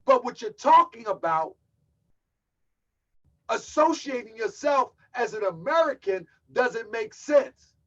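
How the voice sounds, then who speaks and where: A man giving emphatic preaching commentary as a religious teacher, slowing down and repeating lines for stress. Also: very high voice, lively intonation. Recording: dull lo-fi audio.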